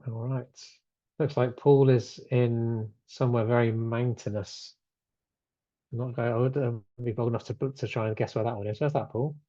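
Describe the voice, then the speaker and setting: A man's voice: mid-range voice, fairly even intonation, moderate pace, warm tone, no echo, lo-fi sound. A man hosting an online webinar in casual chat, reading out chat replies with plenty of fillers. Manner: chatty, reads out chat replies, many fillers. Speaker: webinar host. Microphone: video call.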